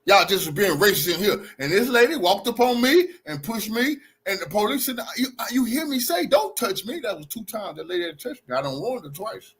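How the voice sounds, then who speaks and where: A man's voice: high-pitched, big pitch swings, a little fast, hardly any pauses, a bit bright, a little hiss or hum. A man livestreaming from a bar on his phone, talking in an agitated, repetitive way with heavy profanity and street slang. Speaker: livestreaming vlogger. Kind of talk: heated livestream confrontation and recap. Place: in and around a bar.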